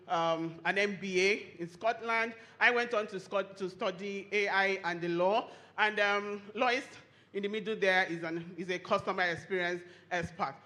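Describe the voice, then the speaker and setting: Bright-voiced Nigerian woman presenting on stage. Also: mid-range voice. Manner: lively, chatty, teasing the audience. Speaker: lawyer and law firm co-founder speaking at a tech conference. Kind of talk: conference presentation with audience interaction.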